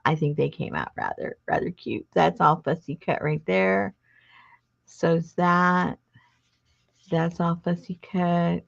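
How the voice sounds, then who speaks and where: Crafting-show host, woman, low gravelly voice, rambling chat, lo-fi sound. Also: animated, takes it slowly. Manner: rambling, chatty, self-interrupting. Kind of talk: casual chat while crafting.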